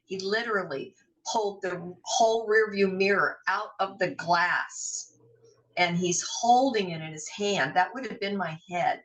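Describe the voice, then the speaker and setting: Her mid-range voice is unhurried and fairly bright, captured on a distant mic in a rough recording. As a guest being interviewed, this middle-aged woman recounts a candid, emotional story vividly, imitating people's words and swearing now and then.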